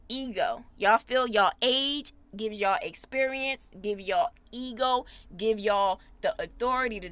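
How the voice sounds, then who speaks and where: A woman hosting a podcast, telling a personal story in a blunt, heated, animated way with speech. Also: on the high side, no echo. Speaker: podcast host. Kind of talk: casual storytime monologue.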